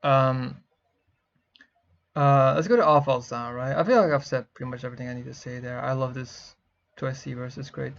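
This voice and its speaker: A young man giving rambling, excitable music reaction commentary, swearing often and filling pauses with "uh" and "like". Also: mid-range voice, vocal fry. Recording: dull lo-fi mic with faint music. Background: faint music playing.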